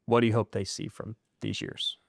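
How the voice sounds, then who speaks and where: A man's voice: fairly low pitch, level tone, normal speed, gravelly, dry recording, studio quality. A man interviewing a company chief, playful and upbeat as he sets up his questions. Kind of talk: sit-down interview.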